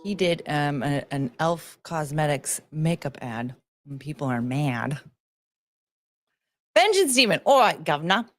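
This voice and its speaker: A woman's voice: deep voice, big pitch swings, takes it slowly, long pauses, music in the background. A woman hosting her own livestream, chatting casually and greeting viewers by name with sing-song asides. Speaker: livestream host.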